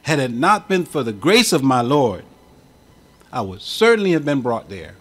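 A man's voice: mid-range voice, sing-song, normal speed. A man preaching a sermon as imam, with an impassioned cadence that swells and drops. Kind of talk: Friday sermon.

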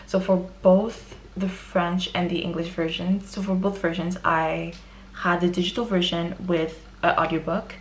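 A young woman chatting to camera about books she has read. Her voice sits a little low for a woman, and she talks in a loose, expressive way with quick, dramatic reactions. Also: slight background noise. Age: young adult. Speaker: book vlogger. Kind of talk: casual book review monologue.

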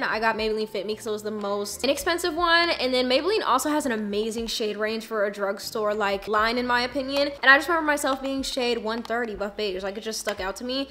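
A young woman in her twenties talks casually to her camera at home, chatty and animated with plenty of slang. Her voice sits a little high and sounds bright and forward. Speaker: vlogger. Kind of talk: casual vlog chat to camera.

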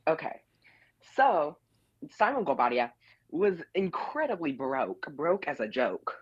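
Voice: mid-range voice, sing-song, measured pace, breathy edge, dry recording. A caller giving a casual, blunt and opinionated rant about reality TV, scolding the cast members directly. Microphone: phone or online call-in. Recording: muffled call-in line.

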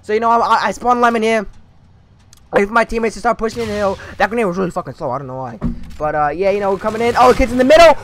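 High-pitched sarcastic young man gaming. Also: rapid-fire, a little hiss or hum. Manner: sarcastic, swearing, animated outbursts. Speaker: gaming commentator. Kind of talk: casual gameplay commentary.

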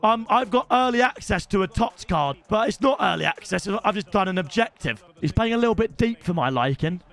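Excitable young British male streamer, high and sharp, swears, shouts. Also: brisk, gravelly, soft background music. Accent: British English. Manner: excitable, swears, shouts at the game, addresses viewers as lads. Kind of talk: live gaming commentary.

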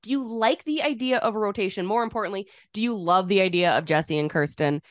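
A woman's voice: medium pitch, fast, dry recording. A woman hosting a sports podcast, chatting casually with a playful, teasing and opinionated manner. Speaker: podcast host.

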